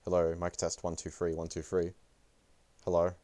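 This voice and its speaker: A man's voice: sits low, monotone, moderate pace, warm tone. A young man streaming commentary on a match, rambling, profane and self-deprecating. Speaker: esports player and streamer. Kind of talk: livestream commentary.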